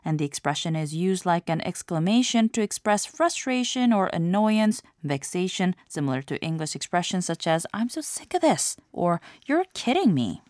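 Woman teaching phrases, clear and measured. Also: lowish voice, very animated, darkish tone, no room sound, clean studio sound. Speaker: language lesson host. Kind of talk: scripted explanatory narration.

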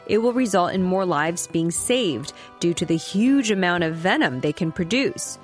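A woman hosting a radio show, chatting casually and laughing often. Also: mid-range voice. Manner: lively, laughs often, playful. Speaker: radio host.

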